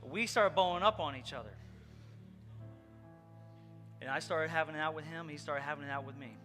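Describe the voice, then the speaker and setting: A man's voice: on the high side, fast talker. A man preaching a conversational sermon, telling a personal story earnestly and speaking directly to his congregation. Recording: long hall reverb with loud music behind.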